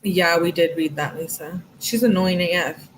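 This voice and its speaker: A woman's voice: lowish voice, moderate pace, a little hiss or hum, poor audio. Casual woman reading texts aloud. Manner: casual, sarcastic asides, reads with rising emphasis. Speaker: true crime commentator. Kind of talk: reading text messages aloud with commentary.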